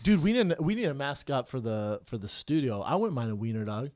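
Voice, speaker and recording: A young man co-hosting a podcast in a studio, joking loudly and riffing on silly bits in casual chat. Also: mid-range voice, sing-song, fairly quick, no echo. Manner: joking, loud and goofy, repeats bits. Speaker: podcast co-host.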